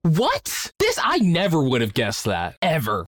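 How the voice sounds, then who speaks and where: A podcast host talks in a lively, swooping voice, joking his way through a plot summary. The close mic sounds dry, with no room around it. He sounds like a man in a loose, casual chat. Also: a little high, unhurried, dry recording. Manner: joking, animated, reads summaries with wry asides.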